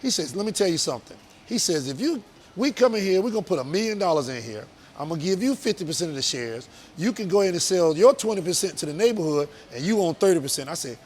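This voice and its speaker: Guy, kinda high voice, fired up talking business in an interview. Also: animated, quick pace. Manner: earnest, emphatic, motivational. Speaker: business owner guest. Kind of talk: casual interview talk.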